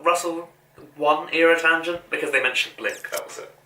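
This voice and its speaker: A man's voice: on the high side, fairly quick, a little hiss or hum. A young man co-hosting a casual fan podcast, speaking bluntly and offhandedly with plenty of swearing. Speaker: podcast co-host. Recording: bright, roomy, from off the mic.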